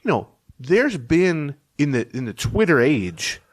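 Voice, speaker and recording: A man's voice: a little high, sing-song, unhurried. A man from Minnesota with a Minnesota accent that leans toward Chicago, co-hosting a casual sports podcast in a rambling, self-deprecating way. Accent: Minnesota, leaning Chicago. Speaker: podcast co-host.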